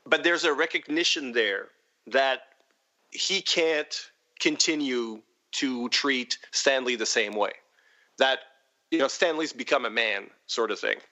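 A man talking through a film on a podcast in a casual way, pausing often with fillers and restarts. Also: medium pitch, bright, forceful tone. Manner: halting, many fillers and restarts. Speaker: podcast panelist.

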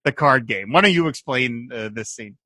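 A man co-hosting a casual chat, animated and laughing often as he retells scenes. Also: medium pitch, normal speed, no room sound, clean studio sound. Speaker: podcast co-host. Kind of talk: casual chat recapping a TV episode.

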